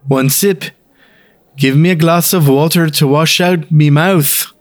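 A man voicing Angus, a gruff Scottish whisky judge, with a put-on Scottish accent. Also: fairly high pitch, measured pace, no echo, natural voice. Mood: mock-serious. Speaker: co-host.

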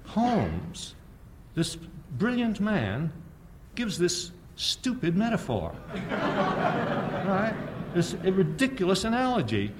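A man giving a public history lecture, sardonic and animated, firing off rhetorical questions and often chuckling at his own points. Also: high-pitched, takes it slowly, background noise.

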